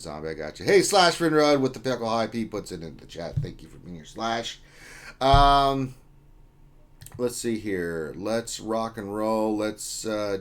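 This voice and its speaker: A man hosting a casual livestream, reading out chat names and greetings in a loose, joking way. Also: fairly low pitch. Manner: reads chat names aloud, jokey and loose. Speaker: livestream host.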